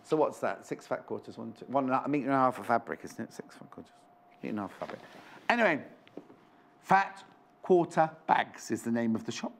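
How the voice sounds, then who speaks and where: A man's voice: medium pitch, lively intonation, fairly quick, gravelly. A man presenting a live shopping show in a studio, chatty and rambling with jokey asides.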